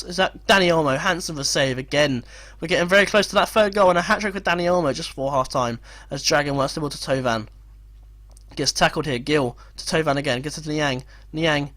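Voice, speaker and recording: A young man giving casual commentary over a football management game, swearing, mocking himself and breaking into excited outbursts. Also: on the high side. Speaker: gaming video creator.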